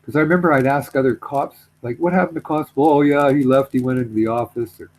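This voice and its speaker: A man's voice: mid-range voice, fast talker, a little mellow, a little hiss or hum, rough recording. A middle-aged man telling a story in casual chat, rambling, repeating himself, trailing off.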